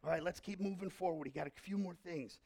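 A middle-aged male pastor preaching a sermon in a conversational way, asking the congregation questions and swinging from hushed to impassioned. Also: high voice, quick pace. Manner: conversational, asks the audience questions.

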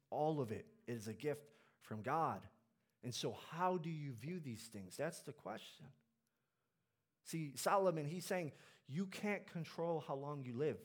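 A male pastor preaching a sermon in church, animated, swinging between loud exhortation and quiet, earnest asides. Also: medium pitch.

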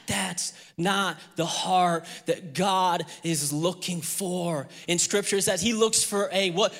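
A young man delivers a sermon, with a high, bright and forceful voice. He shares a candid personal story in a conversational way. Then he rises into emphatic preaching. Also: steady tone, slow, vocal fry, hardly any pauses, in a large hall. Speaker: pastor.

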